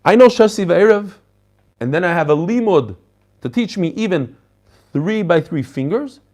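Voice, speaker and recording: High-voiced animated rabbi teaching Talmud. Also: male voice, normal speed. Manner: animated, mixes English with Hebrew and Yiddish terms, talks to listeners directly. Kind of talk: lively Talmud class lecture.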